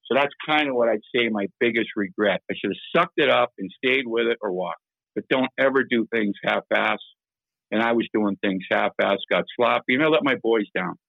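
Older male interview guest, gravelly, halting, self-critical, on a dull lo-fi line. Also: fairly low pitch, no echo. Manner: halting, repeats words, plain-spoken and self-critical. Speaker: interview guest, former hockey general manager. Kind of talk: candid interview over a call-in line.

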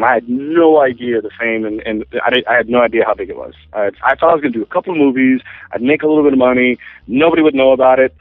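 A man's voice: medium pitch, quick pace, dry recording. A man telling his story as an interview guest, rambling with many restarts and acting out quotes. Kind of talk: casual storytelling. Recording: tinny phone line, faint music.

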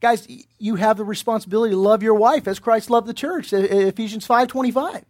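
A man's voice: high-pitched, quick pace, darkish tone. A man preaching a sermon as pastor, earnest and direct, putting pointed questions to his listeners and often restarting his words. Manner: earnest, repeats himself while searching for words, asks pointed questions.

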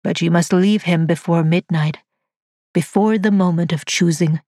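A woman voicing a calm, controlling male cyborg master in a storybook reading, speaking softly and gently. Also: lowish voice, no room sound, clean studio sound, lightly acted. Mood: commanding. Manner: soft, gentle, measured delivery. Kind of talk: audiobook dialogue read by a narrator.

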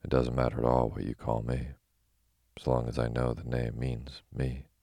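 A man voicing a proud, fussy yellow hen in a storybook reading, prim and easily offended. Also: rumbling low, level tone, normal speed, creaky, dry recording, clean studio sound, heavily acted.

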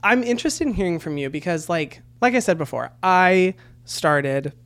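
A man's voice: sits high, expressive, normal speed, a bit bright. A man in his twenties hosting a podcast, chatting earnestly and openly with his guest, with lots of "you know" and "like.". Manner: earnest, chatty, frequent fillers. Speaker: podcast host. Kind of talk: casual interview chat.

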